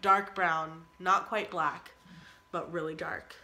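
Bright, giggly young woman vlogger. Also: fairly low pitch, fairly even intonation, takes it slowly. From California. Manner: giggly, playful. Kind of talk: casual couple Q&A.

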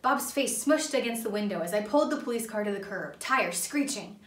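A woman reading a children's book aloud in an animated, expressive way, doing the story's voices. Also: medium pitch, fairly quick. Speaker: storybook reader. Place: church room. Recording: echoey room, mic far off.

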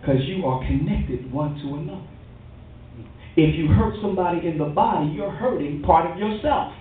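A man pastor preaching a sermon in a church, lively and calling for responses. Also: on the high side, moderate pace, slight background noise. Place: church hall. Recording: tinny, distant, very echoey church recording.

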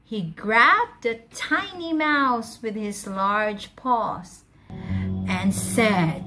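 A woman teacher reading a story aloud to children, asking them questions in a coaxing, animated way. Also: fairly high pitch, extremely slow, over music.

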